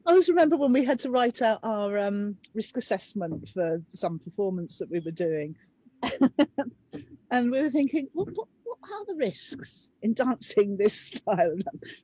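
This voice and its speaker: A woman's voice: medium pitch, animated, normal speed, mellow, slightly rough, no echo, poor audio. A British woman, a dance teacher guesting on a live-stream chat, who talks in a chatty, self-deprecating way and laughs often.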